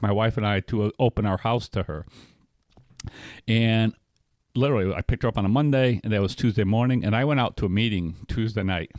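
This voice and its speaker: A man's voice: lowish voice, darkish tone, no echo. A middle-aged man, co-hosting a recovery podcast, telling a personal story in a rambling way, often checking in with "right?". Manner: rambling, frequent restarts and "right?" tags. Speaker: podcast co-host.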